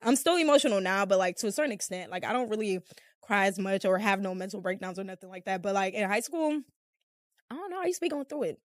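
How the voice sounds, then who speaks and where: A young woman with a mid-range voice talks at a quick pace, hosting a podcast where she tells stories casually to a small live audience. Her chat rambles and is thick with the filler "like." It's a dry, studio-quality recording.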